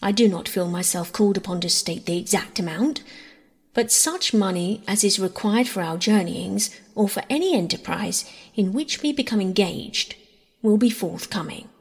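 A woman reading the lines of a calm, scheming gentleman in a dry, measured manner. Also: mid-range voice. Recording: husky voice in long reverb.

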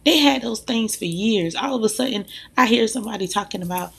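A woman, a mother, speaking in a casual, animated monologue, talking emphatically and directly to her listeners. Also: on the high side, brisk, gravelly, slightly rough. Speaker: mother sharing views.

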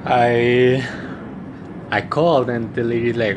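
A man's voice: medium pitch, fairly even intonation, a little slow, noisy background. A young man telling a story casually, rambling, laughing often and swearing, while snacking. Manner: eating while talking. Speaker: vlogger.

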